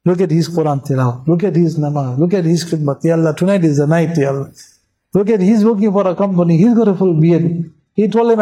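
A man's voice: on the high side, quick pace, mellow, breathy edge, rough recording. A man preaching a sermon as a mufti, urging his listeners with passionate, repetitive exhortation.

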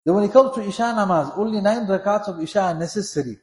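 Talking fast in a high, slightly mellow voice, a man delivers an Islamic sermon. He exhorts earnestly and reiterates his points to press them home, recorded in an echoey room.

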